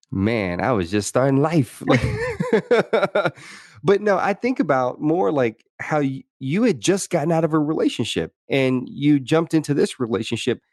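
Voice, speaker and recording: A man's voice: on the high side, very animated, a little slow, darkish tone, no room sound, clean studio sound. A man hosting a podcast, talking through personal stories in a thoughtful way, with many restarts and "you know"s. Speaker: podcast host. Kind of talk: reflective interview conversation.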